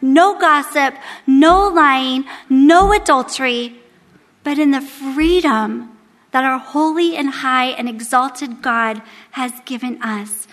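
A woman in her thirties preaches a devotional talk in a candid, joking, lively way. Her voice sits high, and it carries a long hall reverb. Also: slow pace. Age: 30s. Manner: candid, humorous, animated. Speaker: women's Bible study speaker. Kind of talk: devotional sermon.

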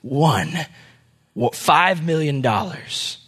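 A man voicing a wealthy old Texas oil tycoon who speaks in a slow, grand drawl. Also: a little high, lively intonation, fairly bright tone, slightly rough, pitched below the performer's own voice, heavily acted.

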